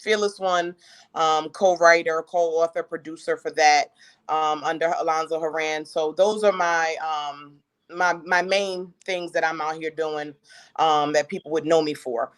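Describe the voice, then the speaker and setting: A woman, co-hosting a casual livestream talk show, animated and quick in bursts with casual slang. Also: low voice, smooth. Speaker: co-host and author.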